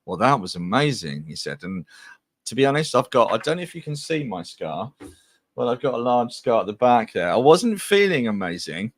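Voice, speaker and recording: A man's voice: mid-range voice, very animated, moderate pace. A man from England, a guest medium, telling his life story in a chatty, rambling way on a video call podcast. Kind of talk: casual podcast interview.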